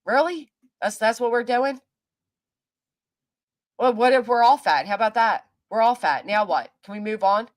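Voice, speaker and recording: Woman streamer on a heated, profane live rant, answering chat, slightly high voice. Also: moderate pace, long pauses. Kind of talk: angry livestream rant.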